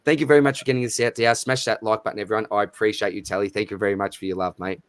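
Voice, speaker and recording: Chatty Australian man with a low voice. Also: fairly even intonation, very fast, clean tone, no echo. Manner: matey, chatty, reads out viewer names. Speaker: livestream host. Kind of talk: casual live stream chat.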